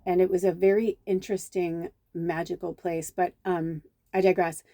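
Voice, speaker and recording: Middle-aged woman, spiritual medium, rambling vlog story, mellow voice, dry close sound, swears a bit. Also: lowish voice, moderate pace, no room sound. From Chicago, USA. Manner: rambling and digressive, with casual swearing; acts out quoted dialogue with lively reactions.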